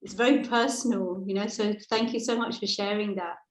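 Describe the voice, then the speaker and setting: A woman's voice: medium pitch, steady tone, fairly quick. A woman interviewer thanking and reassuring her guest in casual conversation. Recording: roomy echo with faint background noise.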